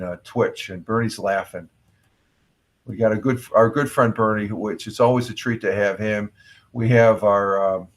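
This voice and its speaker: A middle-aged man hosts a relaxed morning livestream in an easy, rambling way. He greets viewers as he reads their chat messages aloud and often stumbles and restarts his sentences. His voice sits at an ordinary middle pitch for a man. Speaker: livestream host.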